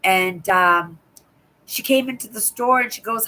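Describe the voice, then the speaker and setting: An older woman with a hoarse voice, chatting in a rambling way on her live stream from home and repeating words. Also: fairly high pitch, normal speed, pushed and bright, poor audio. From Canada. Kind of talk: casual chat. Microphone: laptop.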